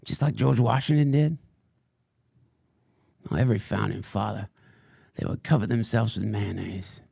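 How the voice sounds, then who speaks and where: A man's voice: mid-range voice, vocal fry, a little mellow, breathy edge, no room sound, studio quality. A man voicing an unhinged male conspiracy crank who rambles through a crude, mock-solemn tirade in a comedic character monologue.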